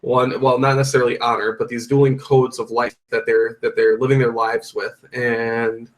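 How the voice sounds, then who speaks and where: A man in relaxed podcast talk who turns an idea over and circles back to his main point again and again. His voice is of ordinary pitch, easygoing and thoughtful. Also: normal speed. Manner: reflective, repeats his point for emphasis. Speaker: podcast co-host. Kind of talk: casual chat.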